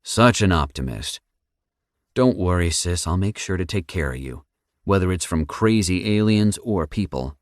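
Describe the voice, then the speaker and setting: A man voicing a steady, protective young man in an audiobook, speaking in a calm, reassuring way. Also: sits low, moderate pace, dry recording, studio quality. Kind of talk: audiobook character voice.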